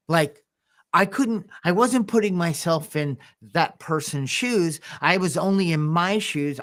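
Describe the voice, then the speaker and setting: Halting, storytelling male podcast co-host. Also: a little high, a bit bright. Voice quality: visually impaired speaker. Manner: halting, restarts and throat clearing. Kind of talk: casual storytelling chat.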